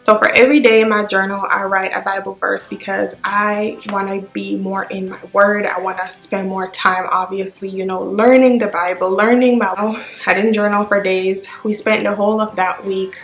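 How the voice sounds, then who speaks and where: Woman vlogging, shaky emotional story, voice jumps up high when upset, roomy echo. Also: little pitch movement, normal speed, creaky, few pauses, fairly bright tone. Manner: raw, tearful retelling with sudden rises. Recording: echoey room with faint music.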